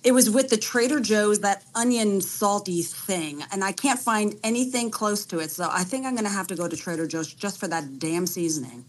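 A woman's voice: mid-range voice, moderate pace, hardly any pauses. A woman calling in to a live show, chatty and easygoing in casual conversation. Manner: chatty, easygoing, laughs often. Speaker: caller, friend of the show. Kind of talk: casual chat.

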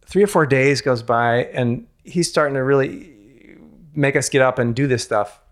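A man's voice: medium pitch, moderate pace. A man, a former ballet dancer, telling a candid personal story in an interview, frank and self-mocking, with casual swearing and many restarts.

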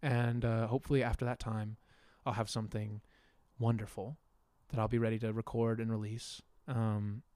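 A young man, a musician guest, chatting casually about his plans in a relaxed, rambling way with frequent laughs. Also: fairly low pitch, moderate pace, hardly any pauses, no echo. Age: young adult. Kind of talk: casual conversation.

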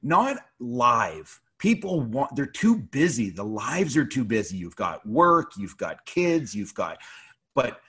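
A man co-hosting a podcast, relaxed, chatting casually and adding short replies. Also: mid-range voice, slightly rough. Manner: relaxed, quick back-channel replies. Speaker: podcast co-host, former hockey player. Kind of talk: casual chat.

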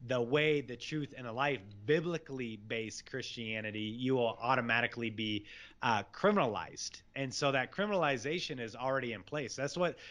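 A man in the middle of an impassioned religious rant, voice at an ordinary male pitch. He preaches with fervor, piling scripture onto scripture in a rapid torrent. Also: fairly bright tone. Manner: fervent, preachy, rapid scripture-laden rants. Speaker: guest.

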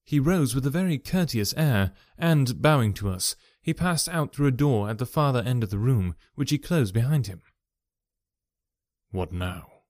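A man narrating a classic detective story with steady storytelling. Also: mid-range voice, moderate pace, hardly any pauses, dry recording, studio quality. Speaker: audiobook narrator.

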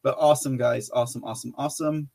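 A man's voice: medium pitch, fairly even intonation, fast, gravelly, a little mellow. Rambling male podcast host reading chat. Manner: rambling with many fillers and restarts, laughs often, reads chat messages aloud. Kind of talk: casual live-chat talk.

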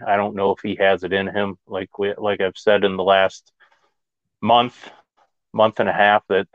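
A man hosting a casual sports talk show, measured and thoughtful. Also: lowish voice, no echo, muffled recording. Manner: measured, with fillers. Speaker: podcast host.

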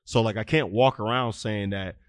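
Animated man telling coaching stories, dry mic. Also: on the low side, moderate pace, no room sound. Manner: animated, acts out dialogue in his stories, filler-heavy. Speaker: youth football coach and guest. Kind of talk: casual interview storytelling.

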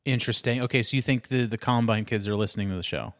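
A man's voice: fairly low pitch, rapid-fire. A young man co-hosting a podcast in casual chat, incredulous and profane as he talks. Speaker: podcast co-host.

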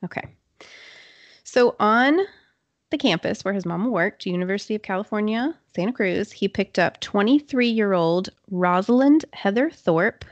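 A woman's voice: mid-range voice, animated, no echo, dull audio. Chatty woman telling a true crime story. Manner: chatty, quick, uses filler words. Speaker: podcast host.

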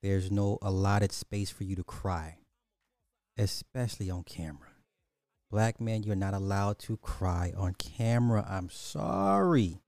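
A man's voice: fairly low pitch, no echo, studio quality. A man hosting a reaction video, talking casually with jokes and bursts of laughter. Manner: animated, joking, breaks into laughter.

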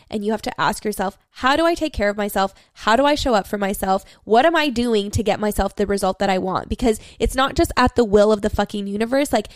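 A woman's voice: medium pitch, no room sound. Young female podcast host, mid-range voice, dry close mic, candid and profane, full of "like" fillers, pep-talk energy. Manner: frank and swearing, many "like" fillers; pep-talk tone, coaching listeners. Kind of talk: candid solo podcast monologue.

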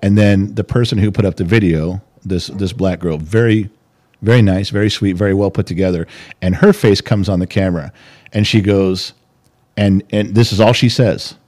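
A middle-aged man with a low, dark and mellow voice, co-hosting a casual podcast chat. He rants heatedly and swears freely as he talks. The sound is close, as on a podcast microphone. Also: steady tone, moderate pace. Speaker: podcast co-host.

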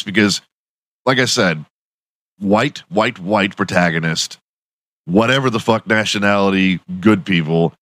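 A man's voice: fairly low pitch, a bit bright, dry recording. A young man hosting a podcast, telling a profane, laughing story in casual monologue. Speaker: podcast host.

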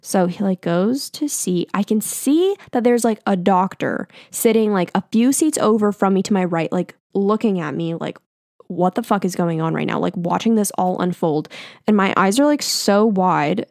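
A woman's voice: mid-range voice, darkish tone, no echo, clean studio sound. A young woman telling a personal story in a casual, chatty way, full of "like" and the odd swear word. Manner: chatty, filler-heavy with lots of "like", casual swearing.

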